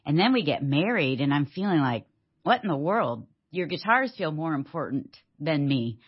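A woman co-hosting a radio talk show, telling stories in a lively, laughing way. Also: deep voice, slightly rough. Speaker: radio co-host. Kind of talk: casual storytelling chat. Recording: dull lo-fi sound.

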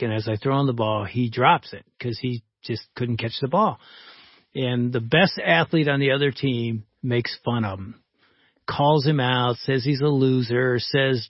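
A male host spins a personal story in casual conversation, mid-pitched and dry, as if close to the mic. The sound is slightly dull and muffled, with no room around it. He stays engaged and keeps the story moving. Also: normal speed, dry recording. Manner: lively storyteller who acts out quoted dialogue. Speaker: podcast host. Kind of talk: storytelling in a casual faith-based talk.

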